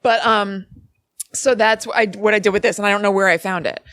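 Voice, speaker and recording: A woman's voice: medium pitch, fairly even intonation, fairly quick, a bit bright, no echo. A woman co-hosting a podcast in casual chat, rambling a little with many fillers. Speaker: podcast co-host.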